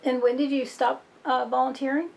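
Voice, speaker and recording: Woman interviewer, high and gravelly, brief questions, distant from the mic. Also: little pitch movement, a little fast. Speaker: interviewer, librarian.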